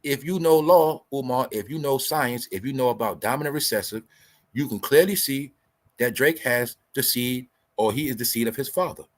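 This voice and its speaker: A man with a medium-pitched voice hosts a commentary show, speaking at normal speed. His rant is profane, combative and lecturing, and he repeats his points for emphasis.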